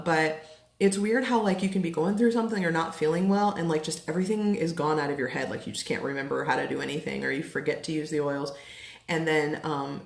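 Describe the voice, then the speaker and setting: A woman's voice: sits low, creaky. A woman in her thirties chatting casually to camera at home, full of fillers and likes, getting emotional at times. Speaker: essential oils seller. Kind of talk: casual live chat to camera. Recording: echoey room.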